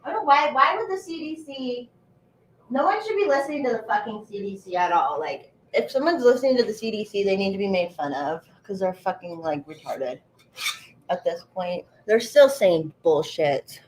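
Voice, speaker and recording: A woman's voice: mid-range voice, expressive, moderate pace, a little hiss or hum. A woman in her thirties chatting casually while baking in her kitchen, answering her live chat by name and swearing freely. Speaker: livestream host. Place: home kitchen.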